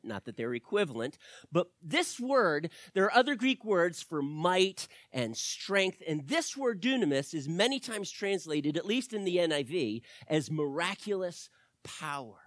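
A male pastor preaching a teaching sermon, swinging from loud emphasis to quiet asides and asking the audience questions. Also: high-pitched, no room sound, clean studio sound. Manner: asks the audience direct questions.

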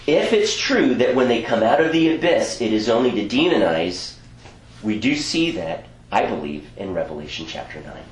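A man's voice: lowish voice, very animated, normal speed, roomy sound, slight background noise, poor audio. A man preaching a teaching sermon in a conversational way, with frequent asides and self-corrections.

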